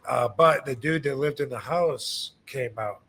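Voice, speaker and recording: A man's voice: medium pitch, unhurried, heavy background noise. A man in his fifties from Michigan, hosting a casual podcast chat and telling loose stories with lots of fillers. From USA, Michigan. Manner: relaxed, rambling storytelling with many fillers. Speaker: podcast host, wrestler.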